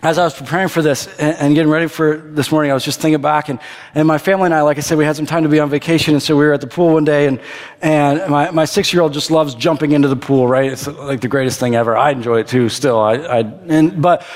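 A man in his thirties preaching a sermon. He tells stories in an animated way, acts out voices and often restarts his sentences. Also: on the high side. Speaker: pastor. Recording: reverberant hall.

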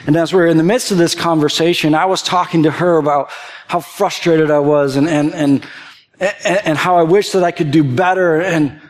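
A man's voice: a little high, steady tone, moderate pace. A young adult man preaching a sermon as pastor, earnest, often repeating words and restarting phrases as he builds to impassioned emphasis.

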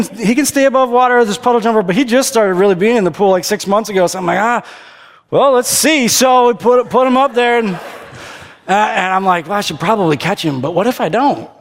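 A man in his thirties preaching a sermon. He tells stories in an animated way, acts out voices and often restarts his sentences. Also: sits high, brisk. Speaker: pastor. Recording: reverberant hall.

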